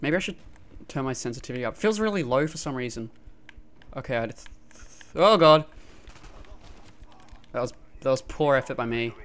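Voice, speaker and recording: A man calling his own match live over a gaming headset, his voice smooth and resonant. He gets excitable and yelps or laughs whenever a fight breaks out. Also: medium pitch, moderate pace, pauses often. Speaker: gamer. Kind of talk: live gameplay commentary.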